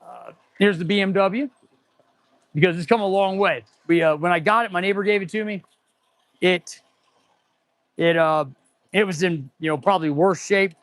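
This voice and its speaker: High-voiced chatty mechanic, dry sound. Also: male voice, normal speed, pauses often, a bit bright, no room sound. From United States. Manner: rambling, reads and answers viewer chat. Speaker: auto mechanic hosting a livestream. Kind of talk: casual livestream chat.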